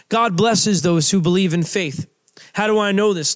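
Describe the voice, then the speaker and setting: Young male preacher, high voice, loose conversational delivery with lots of fillers. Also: a little fast, fairly bright tone. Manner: casual, conversational preaching with many fillers and restarts. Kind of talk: sermon.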